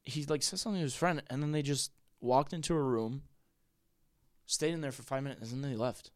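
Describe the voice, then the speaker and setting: A young man with a mid-range voice appears as a podcast guest, spinning a rambling story in casual chat. His talk is packed with "like" and "bro," broken up by quick laughs.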